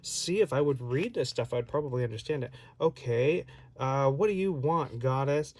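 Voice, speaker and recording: A man's voice: mid-range voice, lively intonation, normal speed, a little mellow, no room sound. A man chatting casually while unboxing and reviewing an action figure, rambling and often interrupting himself. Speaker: toy reviewer.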